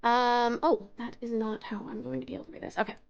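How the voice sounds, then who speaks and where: A woman's voice: fairly high pitch, steady tone, quick pace, vocal fry, dull audio. A woman from Australia chatting with her live-stream chat and reading viewer stories aloud, bubbly and giggly, gasping often.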